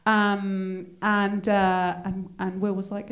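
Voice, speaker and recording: A woman's voice: mid-range voice, monotone, slow. A woman hosting a podcast in casual chat, giggly and full of fillers. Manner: chatty, giggly, many fillers. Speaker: podcast host.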